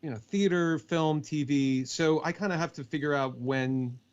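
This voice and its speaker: A man's voice: a little high, normal speed, clear, resonant tone, muffled recording. A man who narrates audiobooks and acts, chatting on a podcast call with plenty of fillers and restarts. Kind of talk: casual podcast interview.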